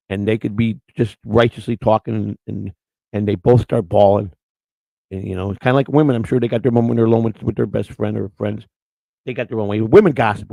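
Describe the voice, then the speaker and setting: Gravelly-voiced man hosting a live stream. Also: medium pitch, a little mellow, no room sound. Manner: rambling, repeats words, gets choked up. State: emotional, near tears. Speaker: show host. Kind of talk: emotional live-stream chat.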